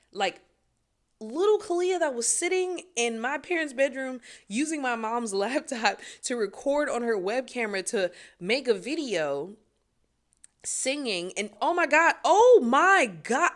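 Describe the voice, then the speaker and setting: A young woman singer talking casually to her viewers, recorded on her phone, laughing often as she reflects. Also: medium pitch. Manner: animated, laughs often, talks to viewers directly. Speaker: singer and vlogger. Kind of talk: casual reflective vlog to camera.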